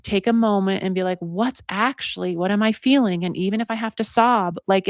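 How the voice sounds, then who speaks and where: Woman, 40s, podcast host; reflective personal monologue, casual and earnest, mid pitch, dry close recording. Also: no room sound. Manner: conversational, heavy use of "like", earnest.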